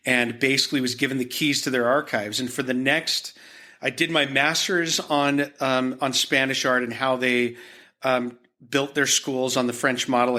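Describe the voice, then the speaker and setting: A man from Utah speaks as a guest on a podcast, recounting his story conversationally. His voice is bright and forward and sits at an ordinary pitch. He rambles, stacking fillers and false starts as the story unfolds. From Utah, United States. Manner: rambling, with frequent fillers and restarts. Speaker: podcast guest, art gallery owner.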